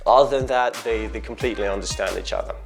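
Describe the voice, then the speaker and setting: A man's voice: fairly low pitch, fast talker, vocal fry, faint music behind. A man hosting an online video tutorial as an English pronunciation teacher, speaking to viewers in a chatty, storytelling way.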